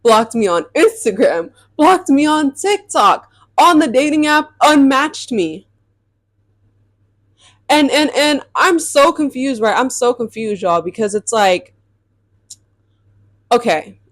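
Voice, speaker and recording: A young woman telling viewers a storytime about her dating life in a chatty, animated way. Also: on the high side, dry recording. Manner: chatty, addresses viewers as y'all, animated retelling. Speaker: storytime vlogger. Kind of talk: casual storytime vlog.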